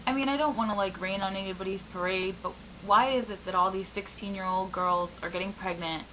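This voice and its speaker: A woman in her twenties, a little raspy from a sore throat, talking candidly in a rambling personal vlog. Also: medium pitch, fairly even intonation, a little fast, fairly bright tone, a little hiss or hum, poor audio. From Michigan, US. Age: 20s. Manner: candid, frustrated, rambling with many fillers. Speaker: vlogger.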